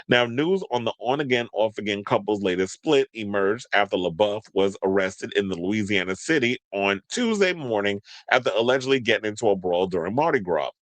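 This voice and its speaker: A man with a low voice hosts a gossip show, talking sassily and chatty, full of slang asides. His voice sounds close and dry, with no room around it. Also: no room sound. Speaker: celebrity gossip show host. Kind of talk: casual commentary, reading news aloud.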